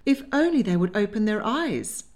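A woman's voice: medium pitch, very animated, moderate pace, darkish tone, pitched above the performer's own voice, close to an everyday voice. A woman voicing a worried middle-aged genteel mother who speaks in a fretful, conciliatory way.

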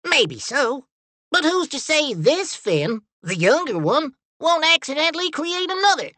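A man's voice: sing-song, a little slow, pushed and bright, no echo, exaggerated voice. A man voicing Buford, a fussy, indignant male robot Time Ranger, in a storybook reading. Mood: alarmed. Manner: shrill, indignant, scolding. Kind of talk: storybook character voice.

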